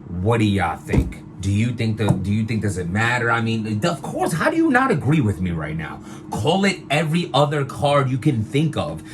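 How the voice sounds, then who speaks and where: A man ranting casually to his viewers, animated and slangy, repeating himself as he vents. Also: mid-range voice, noisy background. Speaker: vlogger, battle rap commentator. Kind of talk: casual opinion rant to camera.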